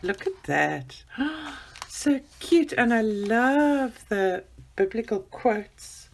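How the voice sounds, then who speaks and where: Gushing woman with a gravelly voice. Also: on the high side, expressive, very slow, a little hiss or hum. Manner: gushing, gasping, exclamatory. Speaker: vlogger unboxing gifts. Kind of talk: excited unboxing chat.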